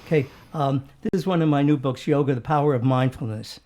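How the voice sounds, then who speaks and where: A man's voice: mid-range voice, a little fast, darkish tone. An older man with a northern US accent, co-hosting a casual talk show, rambling and chuckling as he tells stories and reads aloud. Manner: rambling, chuckles often, trails off with ums. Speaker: co-host.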